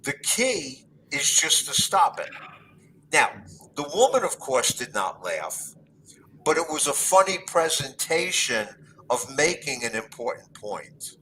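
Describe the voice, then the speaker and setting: A man's voice: fairly high pitch, sing-song, unhurried, sharp tone, a little hiss or hum, poor audio. A man on a webinar panel retelling a comedy sketch and acting out its lines. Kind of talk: anecdotal webinar discussion.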